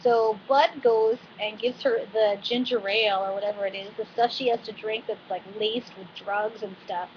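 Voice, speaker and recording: A woman giving a casual, chatty recap of a TV episode, talking with animated asides and frequent fillers. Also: mid-range voice, normal speed, hardly any pauses. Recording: dull lo-fi recording with faint noise.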